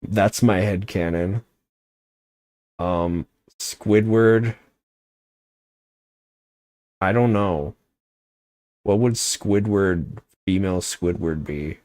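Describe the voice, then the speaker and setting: Streaming a game, a young man rambles and jokes through casual chat, frequently breaking off mid-thought. His very low, darkish voice moves at a slow, drawn-out pace, recorded close and dry with no room sound.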